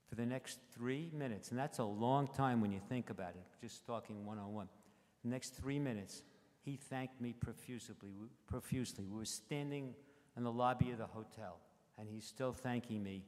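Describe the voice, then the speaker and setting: An elderly man in his eighties talks to a congregation in a plain, unhurried, halting manner, with ordinary mid-range pitch. He stands at a mic at the front of a synagogue sanctuary, and his voice carries a long hall reverb. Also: darkish tone. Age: 80s. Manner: plain, halting, conversational delivery. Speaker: congregant reporting on a trip. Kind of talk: personal storytelling address.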